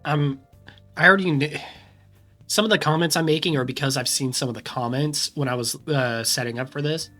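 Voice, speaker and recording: A man's voice: a little high, brisk, sharp tone, faint music behind. A man streaming his reactions to a video, tossing in short, profane remarks. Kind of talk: casual reaction commentary.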